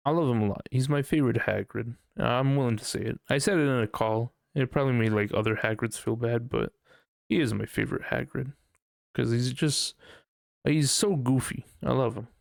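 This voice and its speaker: Man, gravelly tone, casual rambling, swears freely, unsure musing, dry recording. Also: mid-range voice, normal speed, no room sound. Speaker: podcast host. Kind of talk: casual solo podcast monologue.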